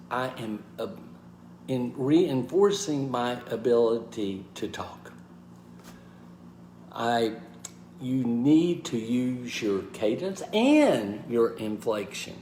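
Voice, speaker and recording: A man hosting a motivational live talk, speaking haltingly with pauses and restarts and greeting viewers by name. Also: medium pitch, echoey room, a little hiss or hum. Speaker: host.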